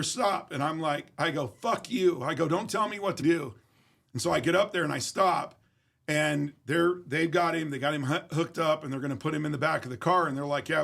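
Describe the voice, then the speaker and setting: A man's voice: fairly high pitch, creaky, a bit bright. A man telling a story in casual conversation, blunt and profane, acting out every exchange. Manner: blunt, profane, emphatic retelling. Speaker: guest.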